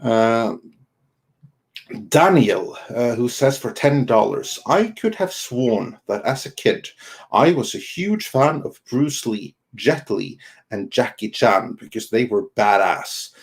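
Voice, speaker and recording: A man co-hosting a casual live stream, reading viewer messages aloud in a halting way with many ums and restarts. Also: medium pitch, animated. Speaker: co-host of an online entertainment news show.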